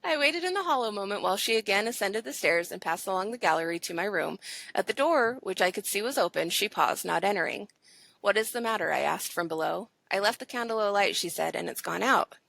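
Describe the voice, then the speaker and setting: Expressive woman reading a ghost story. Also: mid-range voice, fairly quick, creaky, dry recording, poor audio. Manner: reads expressively, laughs easily. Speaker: podcast co-host reading a story aloud.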